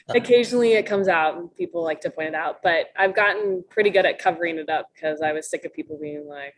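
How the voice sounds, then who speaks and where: A young woman from Minnesota with a slightly low voice talks in a relaxed, chatty way. She laughs often and slips into little acted-out quotes as she answers questions on a podcast. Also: quick pace, poor audio. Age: young adult. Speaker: college volleyball player guest.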